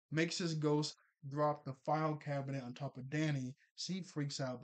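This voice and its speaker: A young man casually recapping a cartoon episode, chatty and quick to laugh, full of fillers and restarts. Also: on the high side, darkish tone.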